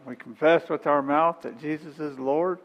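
A man's voice: on the high side, fairly even intonation, normal speed, long reverb tail, lo-fi sound. A middle-aged man preaching a sermon in a folksy, conversational way, repeating phrases and chuckling between points.

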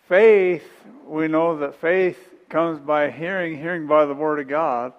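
A man's voice: a little high, big-room sound, lo-fi sound. A middle-aged man preaching a sermon in a folksy, conversational way, repeating phrases and chuckling between points.

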